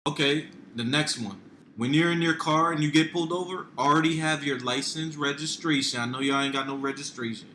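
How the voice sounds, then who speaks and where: Man co-host, slangy and emphatic, higher voice, echoey room. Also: fairly quick, sharp tone, a little hiss or hum. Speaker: podcast co-host. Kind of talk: casual chat. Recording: roomy echo.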